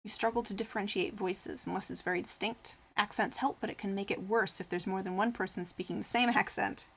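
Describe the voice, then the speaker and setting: A woman's voice: medium pitch, fairly even intonation, a little fast, creaky, slightly rough. A woman streamer chatting casually with her live viewers, rambling and full of fillers, reading comments aloud and answering them. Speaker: craft streamer.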